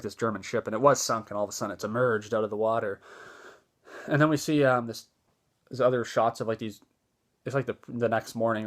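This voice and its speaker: A man with a fairly low voice gives a casual movie review, easygoing and enthusiastic. His retelling of the film is loose, full of fillers and restarts.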